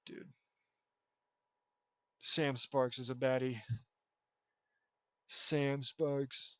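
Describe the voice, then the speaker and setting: A man's voice: mid-range voice, level tone, very slow, pauses often, a bit bright, smooth, no echo. A man reading a fan fiction story aloud, breaking off into sarcastic, swearing asides. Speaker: audiobook reader.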